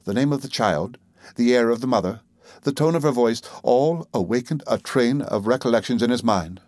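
A man reading a story aloud in a steady, measured narrating voice. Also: mid-range voice, no room sound. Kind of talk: audiobook narration.

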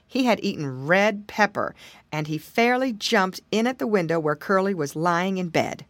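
A woman reads a children's story aloud, her voice rising and falling with lively, playful expression. Her pitch sits in an ordinary middle range. The recording is dry and close, with no room sound. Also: moderate pace, no echo. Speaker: audiobook reader. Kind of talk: storybook narration.

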